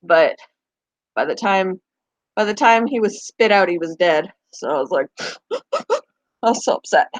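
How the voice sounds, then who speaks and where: A woman's voice: mid-range voice, lively intonation, moderate pace, no echo. A woman hosting a pet channel in a rambling, casual live chat. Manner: chatty, rambling, talks to her pets in between.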